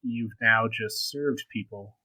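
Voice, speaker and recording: Low, bright-toned rambling male co-host. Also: slow pace, slightly rough, no echo, poor audio. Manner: rambling, hesitant, full of ums. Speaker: podcast co-host. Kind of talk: casual chat.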